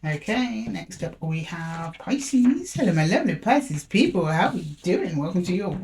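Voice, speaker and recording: A woman's voice: fairly low pitch, sing-song, moderate pace, a little mellow. A woman doing a tarot reading to camera, talking casually and directly to the viewer and asking aloud for each card. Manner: chatty, talks straight to the viewer, asks aloud for each card. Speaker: tarot reader.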